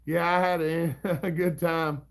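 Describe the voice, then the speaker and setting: A middle-aged man with a Southern US accent hosts a casual livestream, reading comments and chatting in a drawling, chuckling, folksy way. His voice is a little high and gravelly, with a level tone and a measured pace.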